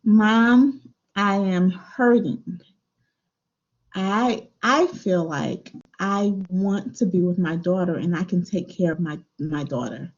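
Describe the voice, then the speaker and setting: A woman's voice: on the low side, takes it slowly. A woman playing an adult daughter in a role-play, speaking hesitantly and repeating words. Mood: pleading. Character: adult daughter pleading to care for her child. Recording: muffled lo-fi recording.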